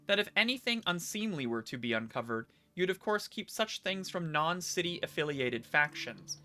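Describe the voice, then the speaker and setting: A man's voice: a little high, very animated, moderate pace, bright, forceful tone, exaggerated voice. A man reading game dialogue aloud as a scheming, imperious male city magistrate who lectures and presses.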